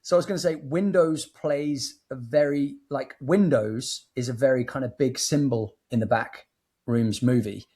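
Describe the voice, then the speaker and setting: A man's voice: medium pitch, normal speed, dark tone, breathy edge. A man who is a guest on a film review podcast, talking in an eager, rambling way with many restarts. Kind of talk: casual film review chat.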